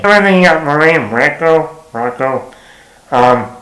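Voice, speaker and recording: A man's voice: on the high side, expressive, measured pace, noisy background. Rambling man reviewing movies in an echoey room. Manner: rambling, joking, full of fillers. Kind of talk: casual movie review talk. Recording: roomy echo.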